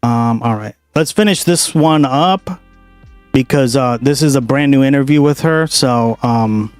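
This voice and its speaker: A man from Boston hosting a casual reaction stream, talking fast and loosely, swearing and laughing often. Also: mid-range voice, smooth, dry recording, soft background music. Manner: profane, animated, laughs a lot.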